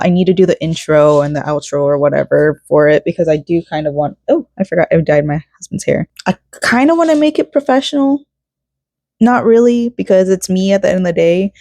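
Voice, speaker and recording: A woman's voice: sits low, warm tone, dry recording. A young woman chatting casually while crafting at home, rambling and emotional, with frequent laughs. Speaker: crafting vlogger. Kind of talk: casual rambling vlog chat.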